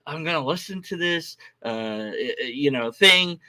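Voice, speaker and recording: Animated, exasperated man ranting. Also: a little high, moderate pace. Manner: exasperated, restless, mocking with blah-blah mimicry. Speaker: vlogger ranting on a live stream. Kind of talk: casual rambling rant.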